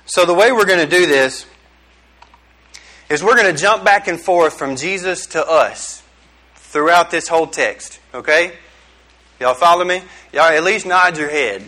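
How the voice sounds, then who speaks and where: A middle-aged man preaches to a small group in a loose, joking way. He keeps firing questions back at his listeners. His voice sits a little high and rings bright and forceful. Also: unhurried. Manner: joking, chatty, quizzes the audience. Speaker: youth pastor. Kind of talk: casual youth sermon.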